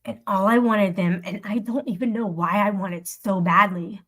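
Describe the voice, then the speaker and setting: A woman's voice: medium pitch, steady tone, normal speed, a bit bright. A woman livestreamer venting to her live chat, upset and swearing in an aggrieved rant. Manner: aggrieved, profane ranting.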